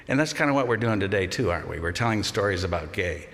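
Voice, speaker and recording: Older guy telling funny fond stories at a memorial, kinda low voice, big echoey hall. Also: expressive, fast talker, hardly any pauses. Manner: anecdotal, gently humorous. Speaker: eulogy speaker. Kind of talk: memorial eulogy storytelling. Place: large congregation hall. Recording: long reverb of a large hall.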